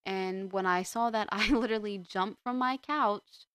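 A young woman hosts a podcast, chatting casually and rambling with frequent restarts. Her mid-range voice is fairly bright and moves at a moderate pace, with a little hiss or hum in the audio.

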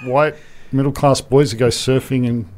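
A man co-hosting a podcast, speaking casually and hesitantly with frequent pauses. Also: mid-range voice, fairly even intonation, darkish tone, a little hiss or hum. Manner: hesitant, lots of ums and restarts. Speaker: podcast co-host. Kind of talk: casual chat.

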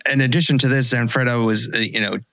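A man's voice: mid-range voice, steady tone, gravelly, fairly bright tone, no echo. Man telling a story with many fillers. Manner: halting, many fillers, laughs along. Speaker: storyteller host. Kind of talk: casual podcast storytelling.

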